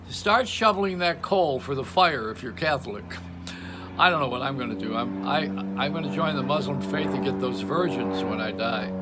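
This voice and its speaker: An older man hosting, talking in a rambling, joking stream-of-consciousness monologue with frequent laughs, recorded at home. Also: on the high side. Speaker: radio host. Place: home in Florida.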